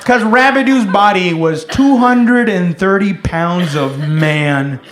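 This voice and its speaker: A man in his thirties doing stand-up, telling stories in a laid-back way, swearing often and shouting the lines of other people. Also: high voice, takes it slowly. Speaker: stand-up comedian. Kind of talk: stand-up comedy set. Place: comedy club stage. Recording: echoey comedy club with loud laughter.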